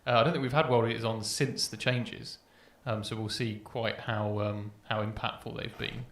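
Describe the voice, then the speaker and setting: A man commentating on a match, explaining the mission calmly with many fillers. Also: lowish voice, reverberant. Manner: measured, explaining, filler-heavy. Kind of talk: casual commentary.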